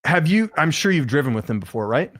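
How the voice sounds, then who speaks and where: Fast-talking animated man telling a story. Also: fairly high pitch, no room sound, studio quality. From Canada. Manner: animated, fast rambling storyteller with many fillers. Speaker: guest commentator. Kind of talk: casual storytelling on a podcast.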